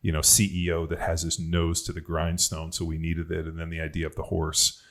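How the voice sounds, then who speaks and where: A man's voice: low-pitched, completely flat delivery, a little fast, a bit bright. A man on a podcast telling rambling, profane stories about football and strength. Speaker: podcast host, former NFL player. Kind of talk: casual podcast chat.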